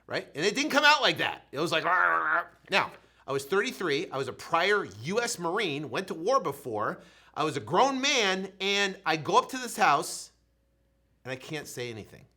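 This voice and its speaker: A man in his thirties, a real estate coach, telling his story in an animated motivational way, swinging between loud and soft and acting out his own stammering. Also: sits high, normal speed.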